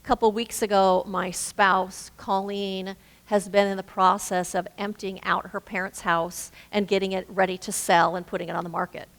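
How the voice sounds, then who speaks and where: A woman minister giving a gentle, reflective sermon, slowing down to stress key words. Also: medium pitch, flat delivery, gravelly. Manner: gentle, reflective, with slow emphatic phrasing. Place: spiritual center sanctuary. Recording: reverberant hall.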